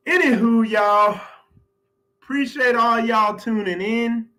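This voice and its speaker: A man's voice: high voice, measured pace, fairly bright tone, rough recording. A man hosting his own show, talking in a loose, chatty commentary monologue with laughs and filler phrases. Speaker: host.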